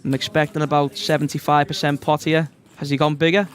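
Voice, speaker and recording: Excitable Scouse poker commentator. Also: male voice, fairly high pitch, quick pace. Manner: excitable, shouts out big cards.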